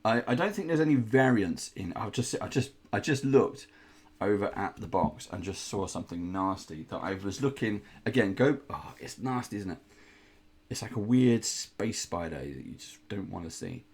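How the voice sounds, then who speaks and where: Here the miniatures host speaks in a lowish, husky voice, expressive and at a moderate pace. The indoor unboxing is casual, with chatty rambling and playful groans of disgust.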